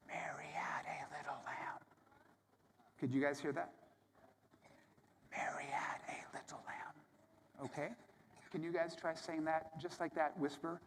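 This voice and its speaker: A man teaching yoga to a live audience on a microphone, calmly cueing breath and movement step by step. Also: a little high, a little hiss or hum. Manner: calm, gentle, step-by-step cueing. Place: large hall at a yoga summit. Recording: long hall reverb with faint room ambience.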